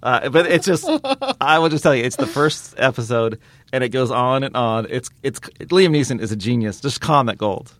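A man's voice: mid-range voice, moderate pace, a bit bright, no echo. A man hosting a podcast, telling a story in casual chat with lots of restarts and fillers. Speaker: podcast host.

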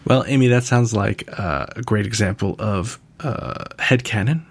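Dry-humored American man, gravelly voice. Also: lowish voice, normal speed, a little hiss or hum. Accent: General American. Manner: dry, joking asides. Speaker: podcast host answering listener questions. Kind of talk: casual listener Q&A.

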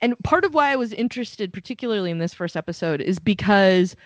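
A woman's voice: medium pitch, animated, quick pace, no room sound. A woman co-hosting a casual podcast discussion, thinking aloud with lots of fillers. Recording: dull, dry sound.

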